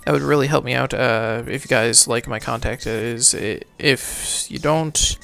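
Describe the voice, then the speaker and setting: A man reading a game's story aloud for a let's play, halting and correcting himself, then signing off casually. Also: medium pitch, gravelly, a bit bright. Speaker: let's player, reading game text. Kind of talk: reading game narration aloud, casual outro.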